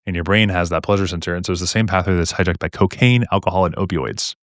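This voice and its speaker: A young man with a low-pitched voice teaches medical exam topics in a casual recorded lecture, speaking fast, chatty and jokey while firing off rhetorical questions. The studio-quality sound has no echo.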